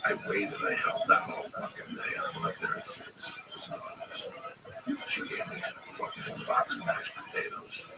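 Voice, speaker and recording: A man's voice: very high-pitched, huge pitch swings, moderate pace. A man hosting a livestream, telling stories and ranting with blunt, heavily profane advice. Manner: blunt, heavy swearing, preachy advice. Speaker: livestream host. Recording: distant mic in loud noise.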